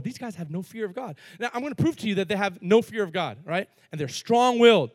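A man preaching a sermon as lead pastor, emphatic, with sudden loud bursts and slowed-down words for stress. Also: sits high, animated, no echo, clean studio sound.

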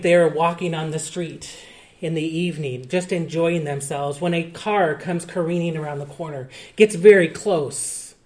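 A male pastor delivering a sermon in an earnest, measured way, with emphatic rises. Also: a little high, a little mellow.

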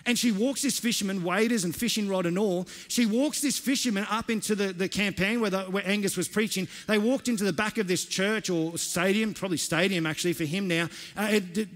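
A man's voice: high voice, a little fast, few pauses, a bit bright. A man preaching a sermon as pastor, telling personal stories earnestly with frequent restarts and repeated words. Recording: long hall reverb.

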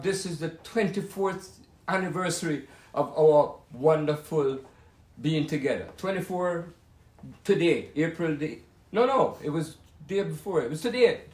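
A man's voice: on the high side, normal speed, a little mellow. Older Jamaican man reminiscing, roomy echo. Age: 70s. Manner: showman-like, rambling storyteller. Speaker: musician hosting a talk session. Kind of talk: casual reminiscing monologue. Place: at home.

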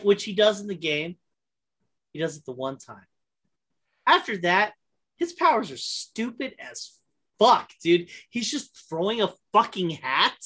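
A woman chatting casually about a movie, animated and profane, laughing often. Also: mid-range voice, breathy edge.

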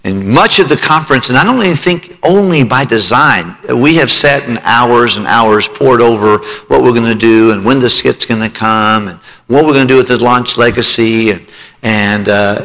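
In a sermon echoing with long hall reverb, a man with a mid-range, fairly bright voice tells his own emotional testimony. He builds toward a pleading altar call, begging listeners to respond.

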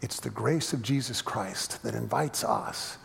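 Storytelling pastor in a reverberant hall. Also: male voice, mid-range voice, vocal fry. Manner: storytelling, animated with halting restarts. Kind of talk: sermon.

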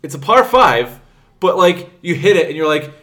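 A man's voice: a little high, very animated, normal speed, a bit bright. A young man co-hosting a podcast, chatting casually and complaining in rambling, restarting sentences. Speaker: podcast co-host. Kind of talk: casual chat.

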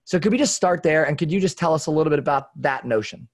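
A podcast interviewer who sets up questions in a measured, deliberate way and encourages the guest along. The voice has a middle pitch and the talk is unhurried. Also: expressive.

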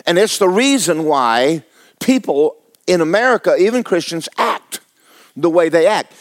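A man, preaching a folksy, joking, emphatic sermon as pastor. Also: a little high. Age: 70s.

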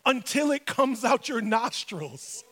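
A man's voice: extremely high pitch, sing-song, slow pace, bright, forceful tone, full character voice. A man voicing God as an exasperated, sarcastic figure scolding complainers in casual slang. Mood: taunting. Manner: street-slang, mock-fed-up. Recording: long hall reverb.

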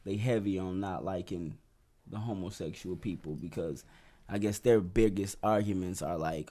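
A young man co-hosting a casual podcast, explaining his views in a relaxed, laid-back way. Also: sits low, unhurried. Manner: laid-back, laughing, drifts quieter as he explains. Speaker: podcast co-host.

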